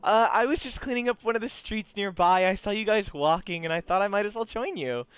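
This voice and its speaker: A man voicing a cheerful young female student in a high, bubbly, eager voice. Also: brisk, clean tone, close to an everyday voice.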